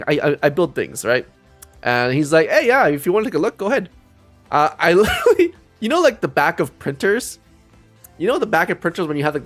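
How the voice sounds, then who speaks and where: A young man casually telling a story on a live stream, rambling, restarting his sentences and laughing often. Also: on the high side.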